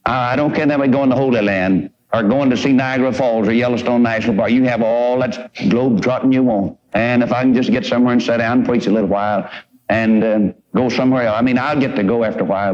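A man's voice: medium pitch, fast, darkish tone. Guy preaching, folksy and emphatic, muffled old tape sound. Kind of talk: sermon. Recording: dull lo-fi old tape recording.

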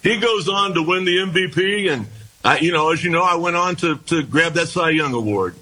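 An older man, a former baseball pitcher, telling long rambling anecdotes in a casual interview, often restarting his sentences. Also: brisk, sharp tone, husky, rough recording. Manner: rambling anecdotes with repeated starts and quoted dialogue.

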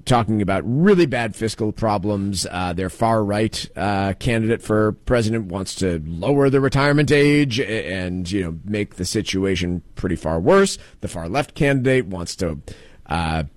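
A male talk radio host with a somewhat low voice, recorded dry and close on a studio mic. He rambles casually through market topics, cracking small jokes and filling pauses with ums and uhs. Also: lively intonation, dry recording. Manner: loose, joking, thinks aloud with many fillers.

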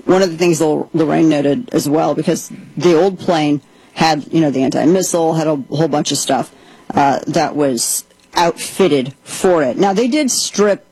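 Husky sarcastic woman talk host. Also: deep voice, normal speed, dark tone, dry recording, poor audio. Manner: sarcastic and rambling, with frequent restarts. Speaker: political talk show host. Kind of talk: opinionated political commentary.

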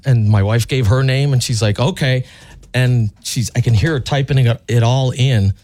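A man's voice: moderate pace, dry recording. A man casually telling a story on a talk show, acting out voices in his retelling. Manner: animated storyteller, acts out voices with high-pitched quotes and laughs. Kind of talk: casual radio-style chat.

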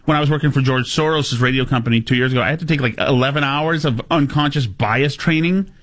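A man's voice: mid-range voice, quick pace. A male talk host giving casual, sarcastic commentary, with frequent stumbling asides.

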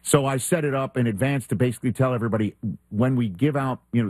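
A male sports talk host with a slightly husky voice tells a story in a relaxed, chatty way. He slips into the voices of the people he quotes, and the studio sound is close and dry. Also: mid-range voice, quick pace, no echo. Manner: animated storyteller who acts out quoted exchanges. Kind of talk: casual anecdote telling.

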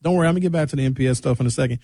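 A man hosting a radio show in casual chat, talking in animated, rambling comic riffs from a studio microphone. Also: mid-range voice, rapid-fire, gravelly, dry recording.

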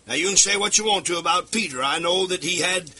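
A man preaching a sermon into a microphone at a desk, fervent and singsong, bursting into shouts. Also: high voice, fast, slightly rough. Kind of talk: radio sermon.

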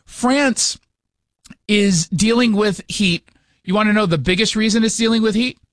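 An American man with a high-pitched voice hosts a radio show, riffing in a sarcastic, joking way. The studio sound is dry and close. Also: no echo. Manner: sarcastic, joking, quick asides. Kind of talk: casual opinion talk.

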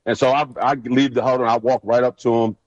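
A former football player in his thirties tells stories with animation, acting out his coaches. His voice comes through a dull, muffled line with no room sound at all. He speaks at an ordinary pitch. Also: quick pace, no echo. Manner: animated storyteller, acts out coaches' yelling. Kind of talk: casual storytelling on a radio show.

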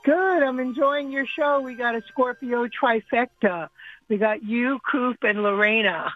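A woman's voice: a little high, unhurried, no room sound, soft background music. A woman calling in to a sports radio show, chatting in an informative way with a few fillers. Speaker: radio caller. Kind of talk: phone-in call. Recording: tinny phone line.

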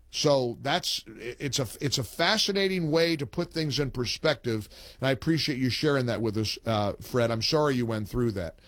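A man's voice: fairly high pitch, no echo. Emphatic male talk radio host. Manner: emphatic, punchy, reads in clipped phrases.

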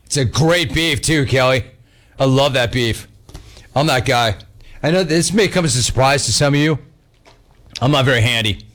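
A man's voice: medium pitch, moderate pace, long pauses, fairly bright tone. A man hosting a talk radio show, taking callers with brash, teasing banter.

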